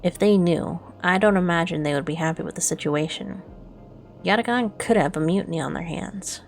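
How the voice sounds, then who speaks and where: A woman voicing a nervous gang doctor speaking hushed over a call. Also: lowish voice, brisk, soft background music, close to an everyday voice. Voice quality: hushed, quiet.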